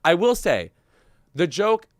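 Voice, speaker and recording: A wry, chatty man co-hosting a pop-culture podcast, full of asides and fillers. His pitch moves a lot. The voice is dry and close to the mic. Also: sing-song, takes it slowly, dry recording. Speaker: podcast co-host. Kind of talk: casual pop-culture chat.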